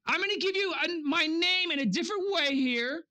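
A camp speaker preaching to young teens, with a high, bright voice. The delivery is lively: the speaker tells the story with energy, acts out the quoted voices, and keeps asking the audience questions. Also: brisk.

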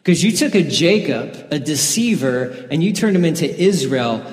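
A man's voice: fairly high pitch, animated, moderate pace. A man preaching a sermon in an earnest, conversational way, sharing his own story with the congregation. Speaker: pastor. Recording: echoey hall with long reverb.

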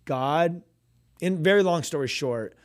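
A man co-hosting a radio show, telling a personal ministry story in casual chat, animated and full of restarts, acting out quoted voices. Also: a little high, unhurried.

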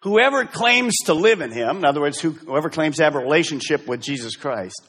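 Middle-aged male pastor, lively dramatic preaching, husky tone, church hall echo. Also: a little high, fairly quick. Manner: emphatic, swings from loud exhortation to hushed intensity. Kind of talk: sermon. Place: church sanctuary.

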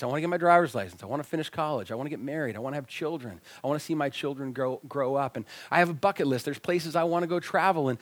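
Animated preacher man, slightly high voice. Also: no echo. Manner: animated, acts out quoted dialogue, drops to near whispers. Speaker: pastor. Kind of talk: sermon with personal storytelling. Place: church sanctuary.

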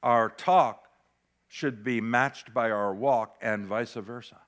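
A man preaching a sermon as pastor, dramatic, swinging between loud declarations and near-whispered asides. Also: mid-range voice, steady tone, takes it slowly. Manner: dramatic, varies loudness, drops to near whisper for emphasis.

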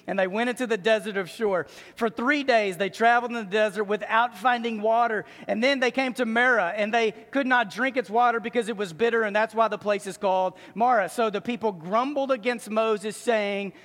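A pastor preaching a lively sermon with joking asides, often acting out other people's voices. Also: male voice, sits high, moderate pace, hardly any pauses. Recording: long hall reverb.

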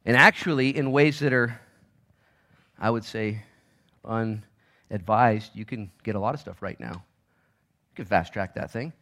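A man in his forties from Oregon, a pastor preaching a sermon in a church. He swings between loud urgency and hushed asides, with quick restarts. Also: lowish voice. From Oregon, United States.

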